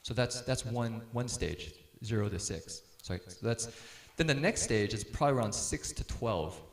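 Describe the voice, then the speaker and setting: Casting note: middle-aged man, lowish voice, easygoing speaker on family life, talking in a roomy hall. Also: normal speed. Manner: relaxed storyteller, laughs easily, acts out quotes. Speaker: speaker on parenting. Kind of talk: casual talk to a group.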